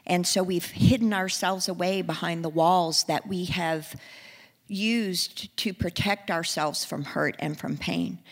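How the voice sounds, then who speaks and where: A woman preaching a sermon, earnest, moving from hushed and soft passages to rising, emphatic ones. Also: on the low side, steady tone, slow, in a large hall.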